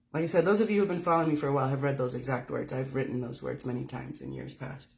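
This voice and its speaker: A woman's voice: very deep voice, steady tone, a little fast, gravelly. Candid, swearing woman telling her story. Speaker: spiritual speaker. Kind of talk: casual livestream talk. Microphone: phone.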